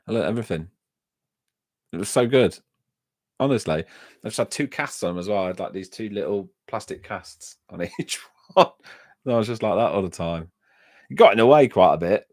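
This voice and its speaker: A man's voice: on the low side, lively intonation, normal speed, pauses often, darkish tone, dry recording, clean studio sound. A man hosting a live stream, telling rambling anecdotes in a casual, chatty way and often restarting his sentences. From England. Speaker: livestream host reading chat.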